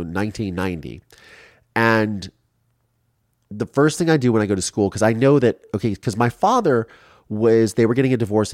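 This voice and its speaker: A man in his forties from Ohio, telling his life story in an interview in an animated way, acting out quotes and restarting often. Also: on the low side, no echo, clean studio sound. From Ohio, USA.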